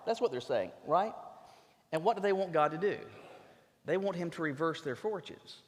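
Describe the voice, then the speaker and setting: A fairly high-voiced man preaches a sermon with emphatic, earnest delivery, doubling back on words in quick restarts. His voice rings out into a church sanctuary with a long, trailing reverb. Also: expressive. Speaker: pastor.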